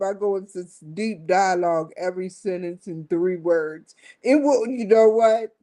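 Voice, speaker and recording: A woman with a warm, mid-range voice hosts a casual vlog, chatting directly to her viewers on camera and often breaking into laughter.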